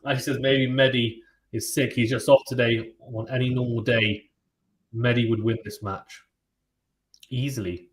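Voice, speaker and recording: A man calls live tennis play-by-play in a loose, conversational way, breaking off to read and answer viewer comments. His voice sits at an ordinary middle pitch. The sound carries a roomy echo, as if he is recording in an untreated space. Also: moderate pace, slight background noise. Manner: chatty and relaxed, reads out viewer comments and reacts to them. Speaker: host of a live tennis watchalong stream. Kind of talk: live play-by-play commentary mixed with casual chat.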